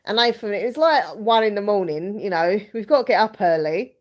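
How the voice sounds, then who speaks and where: A woman's voice: medium pitch, animated, a little fast. A young woman hosting a casual live chat from home, rambling and giggling as she reads viewers' comments. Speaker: live stream host.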